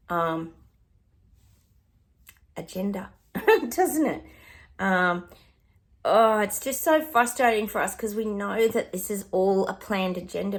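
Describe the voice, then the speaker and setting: A woman's voice: medium pitch, gravelly. An Australian woman, middle-aged, chatting through psychic predictions in a rambling way with lots of ums and asides. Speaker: psychic medium. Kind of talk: casual livestream predictions.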